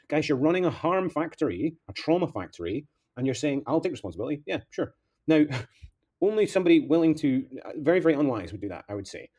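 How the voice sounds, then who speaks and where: A man's voice: on the high side, dark tone. A man delivering a rambling political monologue as a candidate, impassioned, veering between outbursts and mutters.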